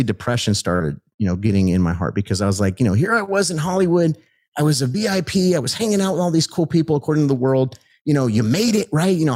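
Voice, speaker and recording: A middle-aged man telling his life story as a guest in an animated, excited way, acting out the people he met. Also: mid-range voice.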